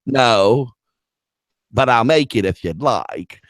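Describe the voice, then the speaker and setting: A man voicing a grumpy, rude old English pub landlady who speaks slow, low and grudging. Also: animated, no room sound, clean studio sound.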